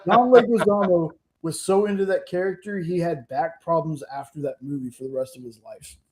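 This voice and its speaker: A man's voice: on the high side, a little fast, darkish tone. A man co-hosting a live comics hangout stream, chatting casually and enthusiastically, often repeating himself. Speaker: podcast co-host. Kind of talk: casual chat.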